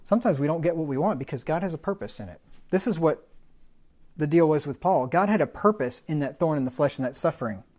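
A man's voice: fairly high pitch, animated, quick pace, darkish tone. A man preaching a sermon in a conversational teaching manner, defining words and adding folksy humorous asides.

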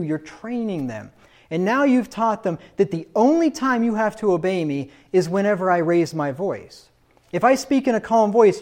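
A man's voice: sits high, darkish tone. Emphatic male preacher. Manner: emphatic, many rhetorical questions and repetition. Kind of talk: sermon.

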